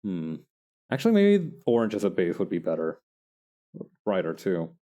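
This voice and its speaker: A young man casually chatting while he makes digital art, self-mocking and quick to laugh. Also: low voice, huge pitch swings, warm tone, muffled recording. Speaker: digital artist streamer. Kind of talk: casual narration while drawing.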